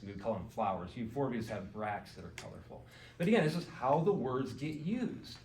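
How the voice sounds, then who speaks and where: A man gives a relaxed talk to a live audience, tossing questions to the room and padding his points with "you know". His mid-pitched voice sounds distant, caught by a mic well away from him. The hall echoes around him over a faint hiss. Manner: conversational, quizzes the audience, many "you know"s. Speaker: garden club speaker and author. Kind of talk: casual lecture to a live audience. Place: indoor meeting hall with audience. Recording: echoey hall recorded from far off.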